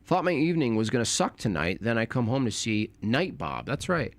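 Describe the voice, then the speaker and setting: A man's voice: medium pitch, big pitch swings, brisk, no room sound. Young man rambling on a live stream. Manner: rambling, self-correcting, informal slang. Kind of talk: casual live-stream commentary.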